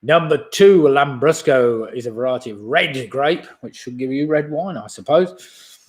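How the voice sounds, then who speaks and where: A man's voice: mid-range voice, a little slow. A man in his sixties hosting a live online pub quiz. He reads each question twice and chuckles at his own jokes. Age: 60s.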